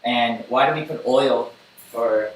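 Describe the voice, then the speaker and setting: A man's voice: mid-range voice, slow pace, a little hiss or hum. A man joining as a guest in a casual cooking chat, asking short, curious questions. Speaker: guest co-host. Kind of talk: casual conversation. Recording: very echoey room from far off.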